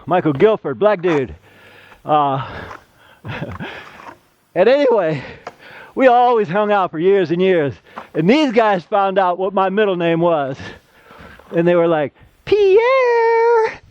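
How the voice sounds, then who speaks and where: A middle-aged man with a slightly high voice talks through a plastering demo in a loose, chatty way and drifts into side stories. The sound is dry and a little dull, with no room echo. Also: darkish tone. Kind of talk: casual how-to demonstration.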